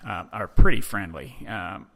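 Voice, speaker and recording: Male podcast host, casual storyteller, lowish pitch, bright forceful tone, loose and chatty. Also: measured pace, vocal fry. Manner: relaxed, chatty, frequent "um" and "you know".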